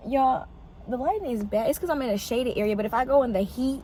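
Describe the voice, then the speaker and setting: A young woman vlogging casually, telling an animated story full of fillers and swearing. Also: fast, slight background noise. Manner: animated, swearing, filler-heavy, pitch jumps on exclamations. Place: outdoors in shade.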